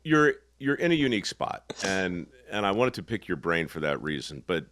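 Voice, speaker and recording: Brief: man in his 60s, podcast host, low voice with lively swings, folksy teasing delivery, dry close sound. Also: moderate pace, dry recording. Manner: folksy, teasing, emphatic storyteller. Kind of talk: casual conversational interview.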